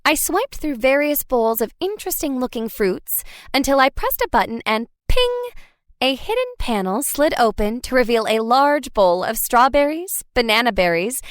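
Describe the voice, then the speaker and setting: A woman's voice: a little high, big pitch swings, moderate pace, a bit bright, no room sound, clean studio sound. A woman narrating a first-person novel as an audiobook, reading expressively.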